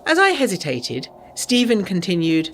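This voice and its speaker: A woman narrating a letter as a proper young lady scholar in a brisk, slightly anxious way. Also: fairly low pitch, huge pitch swings, full character voice.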